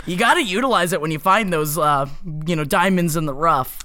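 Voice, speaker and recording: A woman's voice: on the low side, fairly quick, pushed and bright. A woman co-hosting a podcast in casual chat, giggly and enthusiastic. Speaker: podcast co-host.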